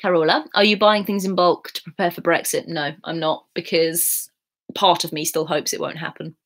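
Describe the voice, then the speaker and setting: Reading viewer comments on a live stream, this young Englishwoman chats casually in a giggly, sing-song way. Her voice sits fairly low, with fairly even intonation and a moderate pace.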